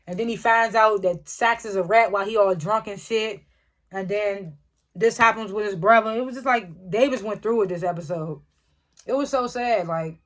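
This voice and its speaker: A woman's voice: mid-range voice, moderate pace. A woman giving a casual, slangy recap and review of a TV episode, swearing often. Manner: animated retelling, frequent swearing, slangy. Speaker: TV show reviewer.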